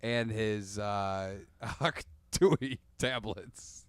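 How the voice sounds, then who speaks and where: A man's voice: lowish voice, drawn-out words, clear, resonant tone, dry recording, studio quality. A man co-hosting a podcast, telling profane stories and laughing through his lines. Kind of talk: casual comedic banter.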